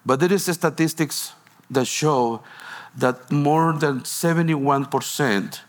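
A medium-pitched man from Guatemala, a pastor, preaches a sermon in a storytelling style. His phrasing is broken and he restarts often.

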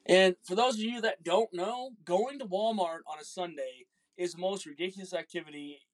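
A man's voice: high-pitched, moderate pace. Dad on a home podcast, goofy storyteller, acts out the people in his stories. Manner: animated, jokey, acts out voices in stories. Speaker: podcast host, father. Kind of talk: casual storytelling chat.

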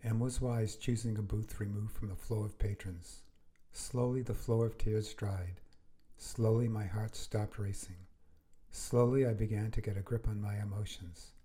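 A man hosting a podcast, reading his own grief memoir aloud in a slow, measured, earnest way. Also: lowish voice, fairly even intonation, dark tone, slightly rough. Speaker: podcast host.

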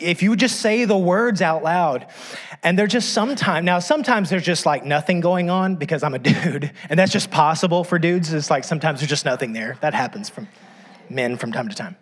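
A middle-aged man preaches a sermon in a conversational style, his voice fairly high and a little quick. The pastor keeps turning to the congregation with asides and pokes fun at himself.

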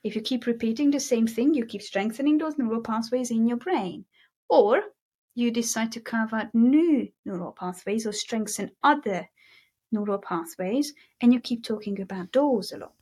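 A woman's voice: fairly high pitch, lively intonation, normal speed, a little mellow, breathy edge. A woman with a Hungarian accent, a guest in a casual interview, talking earnestly and emphatically, often repeating her key phrases. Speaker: guest, mindset coach.

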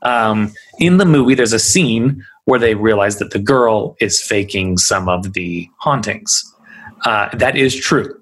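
A man with a low, husky voice hosts a podcast in a relaxed, rambling way. His delivery is loose and full of fillers. He talks at a studio mic. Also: measured pace. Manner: chatty, loose, lots of fillers. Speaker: podcast host. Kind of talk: casual chat.

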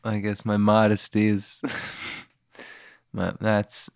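A man's voice: on the low side, completely flat delivery, takes it slowly, gravelly, a little mellow, clear, resonant tone, no room sound, clean studio sound. A man playing in an improvised tabletop game, talking hesitantly with lots of stammers and fillers. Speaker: player.

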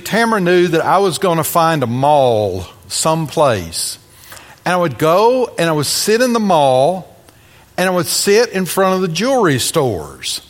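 Guy preaching a sermon, bit higher voice, lots of emphasis and jokes, echoey church. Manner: preaching with dramatic emphasis and humorous asides. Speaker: pastor.

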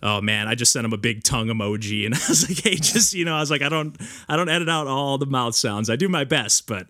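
Man, bright voice, dry sound, casual chatty host, animated storyteller. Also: mid-range voice, quick pace, no room sound. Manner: animated storytelling with lots of filler words. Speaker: podcast host and streamer. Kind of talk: casual chat.

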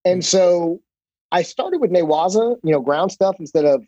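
A man tells stories from his jiu-jitsu life in loose, profane chat, his voice a touch high but mellow. The sound is dry and slightly dull. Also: expressive, moderate pace, dry recording. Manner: loose and profane, many fillers. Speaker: jiu-jitsu instructor, podcast guest. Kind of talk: casual storytelling.

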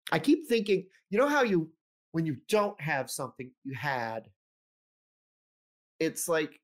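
A middle-aged man with a mid-range voice and vocal fry co-hosts a podcast in casual chat. He rambles, using lots of ums and restarts, and laughs often.

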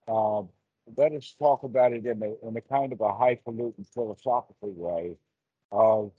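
A man with a husky voice teaches meditation over a video call. He talks slowly and deliberately and explains through simple everyday examples. The sound is dry and muffled, like lo-fi call audio. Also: on the low side, no room sound. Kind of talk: casual dharma talk on a video call. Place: seated on the floor indoors, with rain outside. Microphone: video call mic. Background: heavy rain.

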